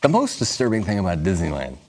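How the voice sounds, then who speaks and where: A man's voice: sits low, huge pitch swings, fast. A man guesting on a talk show, reading jokes aloud in a playful, self-deprecating way and laughing at his own punchlines. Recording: noisy studio audio.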